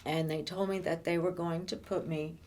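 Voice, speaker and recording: An older woman recounting her own past in a relaxed conversation. Her voice sits fairly low, and she speaks in halting bursts, often repeating words and starting over. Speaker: interviewee. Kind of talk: personal storytelling conversation.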